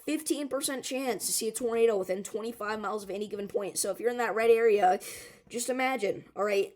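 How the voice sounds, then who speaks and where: A woman with a hoarse, worn voice giving an urgent, emphatic severe weather forecast, often checking in with the viewer. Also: medium pitch, darkish tone. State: hoarse, strained voice.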